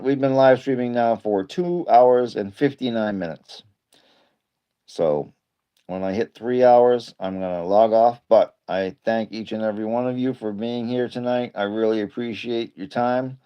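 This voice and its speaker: A man's voice: on the low side, smooth, muffled recording. A man casually chatting on his evening live stream, greeting viewers by name and rambling between topics.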